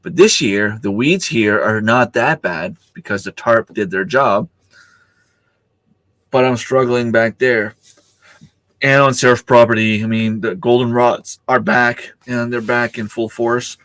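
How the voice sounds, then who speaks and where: A man's voice: mid-range voice, a little slow, a bit bright, no echo. A middle-aged man, hosting a casual livestream chat, rambling with many fillers and restarts while he has the hiccups. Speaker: livestream host.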